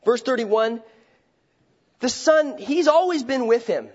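A man's voice: extremely high pitch, sing-song, normal speed. A man preaching a sermon in a conversational way, asking rhetorical questions and restarting his phrases. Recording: dull lo-fi recording.

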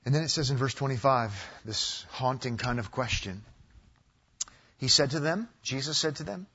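A man from the United States preaching a sermon in a husky, slightly high voice. He swings between emphatic, raised passages and hushed, drawn-out lines. The recording sounds dull and lo-fi. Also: animated. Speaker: pastor.

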